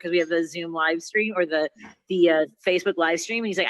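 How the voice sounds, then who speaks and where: A middle-aged woman from Chicago, a comedian with a migraine, telling an animated, mock-outraged story over a video call. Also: on the low side, fast, no echo. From Chicago, USA. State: suffering a migraine. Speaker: comedian and talk show host guest. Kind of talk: stand-up style ranting story.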